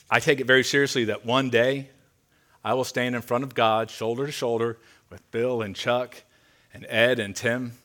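A man preaching a sermon to his congregation as their pastor, earnest and emphatic, dropping to quieter asides. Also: medium pitch. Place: church sanctuary.

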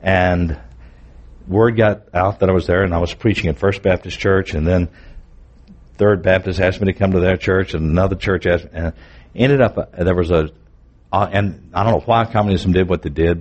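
Male preacher, husky lowish voice, earnest vivid testimony. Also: moderate pace, darkish tone, highs cut off. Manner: earnest, vivid storytelling with candid asides. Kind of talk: personal testimony in a sermon.

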